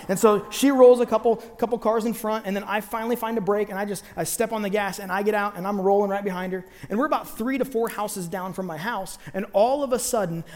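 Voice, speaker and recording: A man telling a long personal story in a sermon, animated, acting out the people he quotes. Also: high-pitched, big-room sound.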